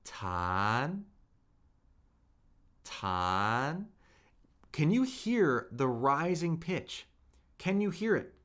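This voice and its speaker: Male teacher, live stream, slow patient delivery, very animated pitch. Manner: patient, repeats each point slowly, models tones aloud. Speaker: Mandarin teacher. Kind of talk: live-streamed language lesson.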